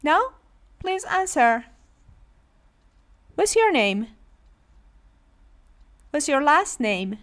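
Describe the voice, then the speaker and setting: A woman with a Persian accent, teaching English to adult beginners, explaining slowly and checking in with "okay?". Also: sits high, very animated, a bit bright. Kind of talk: classroom teaching.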